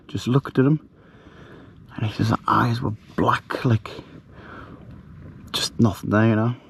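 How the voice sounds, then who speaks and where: A middle-aged man talks at an ordinary middle pitch, rambling casually with plenty of fillers and restarts. He is recorded on a handheld camera outdoors at night. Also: no echo. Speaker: camper vlogger. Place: outdoors at night in a bivvy bag.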